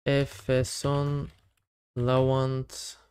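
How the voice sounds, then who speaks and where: Slow-talking young man streaming live. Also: mid-range voice, completely flat delivery, a little mellow, smooth. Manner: reads out viewer names one by one, chatty and hurried. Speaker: livestreamer running a giveaway. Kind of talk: casual live-stream chat.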